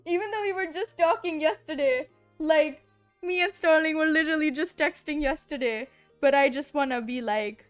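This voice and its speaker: A woman's voice: high-pitched, normal speed, faint music behind. A woman streamer in casual chat, rambling with lots of "like" and frequent giggles. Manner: giggly, rambling, heavy use of filler "like".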